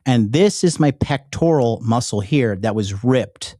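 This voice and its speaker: Male YouTuber, middle-pitched, casual and profane, rambling delivery, dry close mic. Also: expressive, a little slow, dark tone, no echo. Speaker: online dating coach and YouTuber. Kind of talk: casual direct-to-camera chat.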